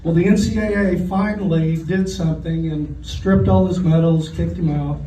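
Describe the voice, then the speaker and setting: At a restaurant comedy night, a man in his sixties from Oklahoma performs a deadpan stand-up set, telling his stories dryly and dropping into brief quoted voices for the characters. His voice is a little high and his pace normal. The room is echoey, he sounds distant, and there's slight background noise.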